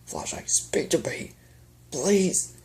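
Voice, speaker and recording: A man's voice: a little high, expressive, unhurried, pitched above the performer's own voice, poor audio. A man voicing a grieving male chaos spirit who pleads desperately and breaks into strained whispers. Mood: pleading grief.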